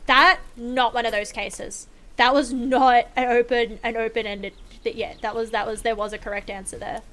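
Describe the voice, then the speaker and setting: A woman's voice: fairly high pitch, fairly even intonation, normal speed, a bit bright. A young woman streaming a game live, chatting casually with viewers in a playful, sarcastic way and swearing freely. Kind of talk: casual live-stream chat while gaming.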